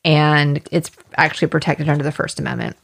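Gravelly-voiced woman hosting true crime. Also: deep voice, steady tone, brisk. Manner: conversational, explains legal points plainly. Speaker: podcast host. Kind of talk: true-crime podcast narration.

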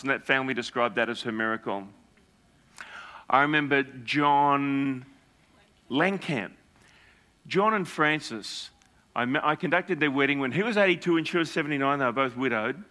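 A male pastor preaching a sermon through animated stories, acting out the people he quotes. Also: mid-range voice. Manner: animated storyteller, acts out quotes. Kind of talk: storytelling sermon.

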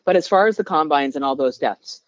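A woman's voice: deep voice, animated, fairly quick, dry recording, dull audio. A woman guest on a casual podcast, arguing bluntly and with passion. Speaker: guest, vegan advocate.

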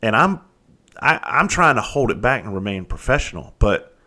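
A former police officer from South Carolina spins a profane, animated story in a casual monologue. His voice sits a bit low, and he swings between loud bursts and hushed asides. He talks like he is sharing a story with friends. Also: normal speed.

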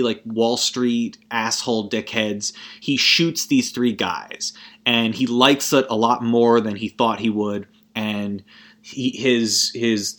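A man's voice: mid-range voice, a bit bright. A young man in a casual movie rant, rambling and profane, constantly cutting himself off mid-sentence. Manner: rambling and profane, frequent self-interruptions.

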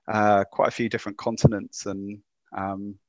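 A man's voice: on the low side, flat delivery, moderate pace, darkish tone, no room sound, highs cut off. A man from the UK with an English accent turning Kiwi, chatting as a podcast guest with many ums and restarts. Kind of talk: casual interview chat.

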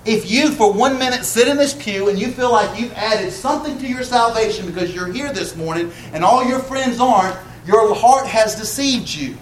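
A man preaches to his congregation, his voice sitting slightly high for a man. He talks in a conversational way and keeps asking the pews questions. The sound is roomy, with faint ambience from the church behind him. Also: lively intonation, moderate pace, hardly any pauses, slight background noise. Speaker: pastor. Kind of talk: sermon. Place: church sanctuary.

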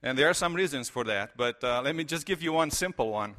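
Bright-voiced pastor with a Romanian accent. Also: male voice, medium pitch, animated, brisk. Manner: storytelling, conversational with frequent fillers. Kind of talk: sermon.

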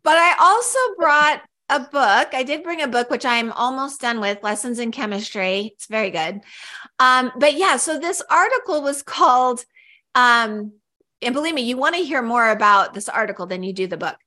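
A woman's voice: fairly high pitch, animated, normal speed, sharp tone. A woman co-hosting a casual podcast, talking in a chatty, upbeat way with frequent fillers and restarts. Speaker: podcast co-host.

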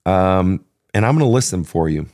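A man's voice: low-pitched, expressive, normal speed, darkish tone. A man hosting an advice talk show as a coach, speaking bluntly and emphatically with heavy swearing. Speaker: podcast host and relationship coach.

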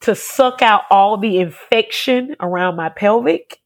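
A woman's voice: mid-range voice, a little slow. Emotional woman telling a personal testimony. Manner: emotional, repetitive, earnest storytelling. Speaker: guest sharing a testimony.

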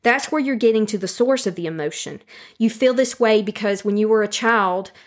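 A woman giving a calm, earnest self-help talk that speaks directly to the listener and repeats key phrases for emphasis. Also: medium pitch, a little fast. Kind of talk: teaching monologue on handling anger.

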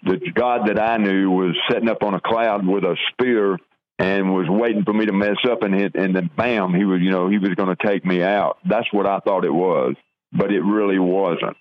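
An older man from the southern United States slowly and earnestly tells his life story in an interview, often stopping to restart. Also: low voice, steady tone. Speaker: guest sharing testimony. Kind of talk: personal testimony in an interview. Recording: dull lo-fi radio audio.

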